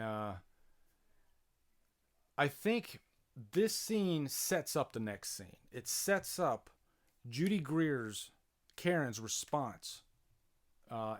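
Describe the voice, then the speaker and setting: A man hosting a casual live-stream movie commentary from home, chatty, with many fillers and restarts, reading out and answering viewer comments. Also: medium pitch. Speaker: channel host doing live movie commentary. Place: home, near a playing TV.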